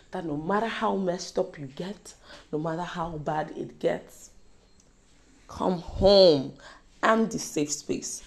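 A woman preaching a sermon, repeating lines and swinging between forceful and soft delivery. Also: fairly low pitch, creaky.

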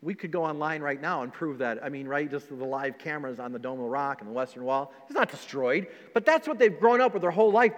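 A man's voice: fairly high pitch, quick pace, few pauses, big-room sound. A man preaching as pastor in a conversational sermon, with frequent fillers and restarts.

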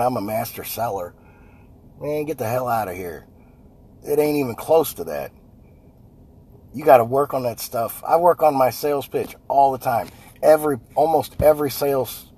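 A man's voice: mid-range voice, darkish tone, breathy edge. A man, a house painter giving a blunt, folksy motivational talk about sales. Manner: blunt, folksy, repeats "right?" and "I guarantee". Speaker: house painter and business owner.

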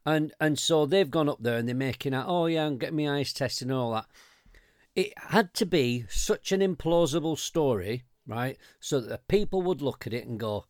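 A man's voice: mid-range voice, normal speed, no room sound. Ranting English man, dry close sound. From England. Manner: animated, swearing, frequent restarts and mocking quoted voices. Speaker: podcast co-host. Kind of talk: ranting casual chat.

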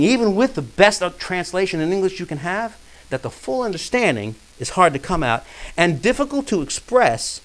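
A man teaching a Bible study. He reads quoted passages slowly and emphatically, then explains them in quick, plain asides and often checks whether his listeners follow. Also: high-pitched, very animated. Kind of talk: teaching sermon with read-aloud quotes.

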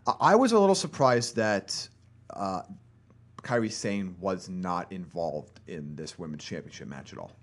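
A man's voice: deep voice, expressive, a little slow. A man co-hosting a podcast in casual chat, bantering and conversational. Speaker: podcast co-host.

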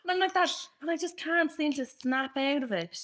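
A young woman co-hosting a podcast, chatting casually with self-mocking quick asides. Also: high voice, fairly bright tone. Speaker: podcast co-host. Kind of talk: casual chat.

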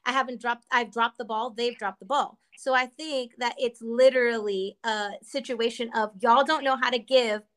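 A woman's voice: a little high, fairly even intonation, moderate pace, few pauses, fairly bright tone. A woman talking as a podcast guest, earnest and opinionated, giving advice in a preachy way. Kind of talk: casual podcast chat.

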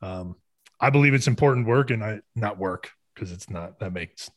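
Man, podcast co-host, low-ish voice, earnest, rambling, dry sound. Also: moderate pace, no room sound. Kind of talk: casual podcast conversation.

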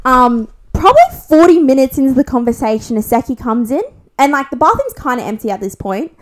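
Her voice is high and fairly quick: a young Australian woman co-hosting a podcast, recounting a gossip story. Animated and constantly swearing, she performs everyone's quotes.

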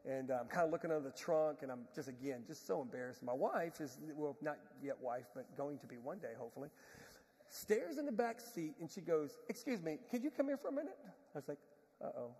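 A pastor telling a self-mocking story in a sermon, animated and laughing often. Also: male voice, fairly high pitch, fairly quick, husky. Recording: long reverb of a large hall.

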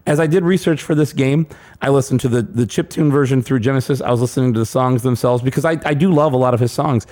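A man's voice: mid-range voice, fast talker, darkish tone. A man hosting a casual podcast chat about a retro video game, joking and teasing his co-host. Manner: joking, teasing, sets up punchlines.

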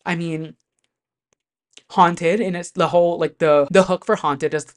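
Chatty, animated pop-music vlogger. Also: medium pitch, a little slow. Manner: chatty, animated, heavy on fillers and swearing. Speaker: pop music commentator host. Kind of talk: casual chat to camera.

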